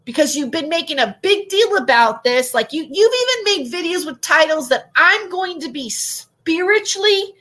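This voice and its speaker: Bright high-voiced woman ranting. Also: normal speed, few pauses. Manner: indignant, animated, recounting an online argument. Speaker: YouTube commentator. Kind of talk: casual vlog rant.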